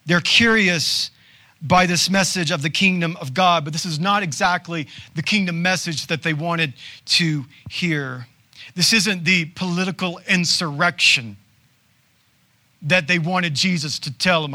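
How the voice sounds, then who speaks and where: A male pastor delivering a sermon with a bright, forceful voice pitched somewhat high for a man. He preaches conversationally, asking rhetorical questions and dropping quick asides.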